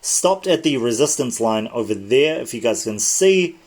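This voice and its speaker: A man's voice: mid-range voice, expressive, moderate pace, a little mellow. A tired man hosting a casual livestream, talking viewers through trading charts in a loose, chatty way and often correcting himself mid-sentence. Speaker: crypto trading channel host.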